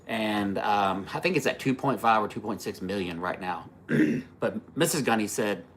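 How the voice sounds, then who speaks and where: A man in his fifties hosts a casual livestream, his voice low-pitched yet bright and forceful. He rambles through his stories, swears freely, and keeps backing up to restart sentences with plenty of fillers. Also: animated, moderate pace, a little hiss or hum. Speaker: livestream host.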